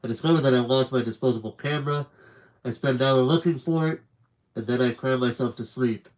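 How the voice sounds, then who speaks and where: Man, live book reader, earnest and plain first-person narration, middle pitch. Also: fairly quick, rough recording.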